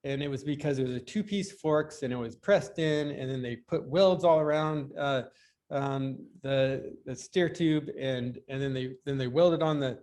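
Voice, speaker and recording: A BMX rider appears as a podcast guest, swapping long stories in a casual interview full of fillers and restarts. His voice sits in the mid range with a darkish tone, moving at a normal pace.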